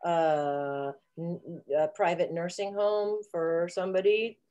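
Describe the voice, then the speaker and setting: Woman guest, lowish voice, rambling and theatrical, playing it for laughs on a video call. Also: steady tone, slow, dark tone, muffled recording. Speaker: interview guest. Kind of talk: casual video chat.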